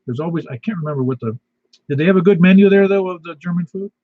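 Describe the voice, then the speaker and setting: A man with a high voice and a fast delivery serves as net control, hosting a laid-back amateur radio net. His announcements are folksy and wandering, loaded with fillers, and a missing tooth causes a slight lisp. Background noise accompanies the dull, lo-fi radio audio.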